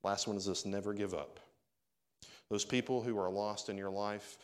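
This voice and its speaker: A man's voice: fairly low pitch, steady tone, moderate pace. A man pastor preaching a sermon, conversational and speaking directly to his congregation.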